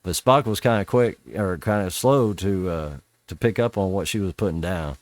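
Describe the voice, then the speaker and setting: A middle-aged man talks through a show in loose, rambling podcast chat, cursing casually as he goes. His voice sits on the low side, and the sound is dry and close with no room around it. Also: moderate pace, no echo. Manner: rambling, swears casually, quotes scenes in voices. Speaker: podcast host.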